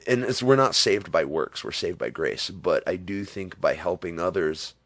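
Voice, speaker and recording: A man's voice: low voice, expressive, normal speed, fairly bright tone, no echo. A man in a casual interview, telling rambling stories and acting out quotes along the way. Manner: rambling storytelling with acted-out quotes.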